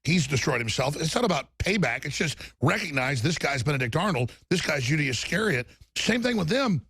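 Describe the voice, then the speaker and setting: A middle-aged man hosting heated political talk, combative and fast, mocking people with put-on quotes. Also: a little high, sing-song, a bit bright, slightly rough, no echo. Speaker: talk show host.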